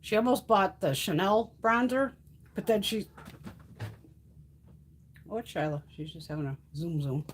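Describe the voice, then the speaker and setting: A woman's voice: mid-range voice, unhurried, long pauses, a little hiss or hum. A woman hosting a casual makeup livestream from home, chatty and salty, swearing freely and cooing at her cats. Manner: coos in baby talk at her cats. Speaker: beauty livestream host.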